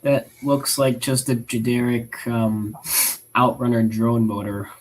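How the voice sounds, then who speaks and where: A man's voice: medium pitch, little pitch movement, slow pace, rough recording. A man as a guest on a casual livestream, speaking hesitantly and searching for words.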